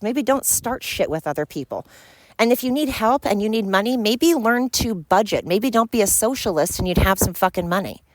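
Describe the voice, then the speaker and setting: A podcast host with a mid-range female voice delivers a blunt, heated rant full of opinions and free swearing. The recording is dry.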